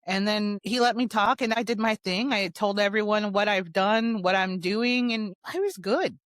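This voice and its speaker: A woman hosting her own show, telling a personal story in a fast, animated, blunt way. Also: medium pitch, no room sound. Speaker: show host.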